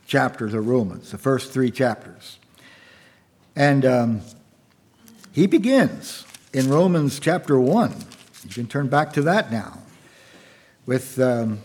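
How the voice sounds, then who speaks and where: Slow, husky-voiced male preacher. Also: mid-range voice, darkish tone. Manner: slow, halting delivery with fillers and repeats. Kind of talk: evening sermon with scripture reading.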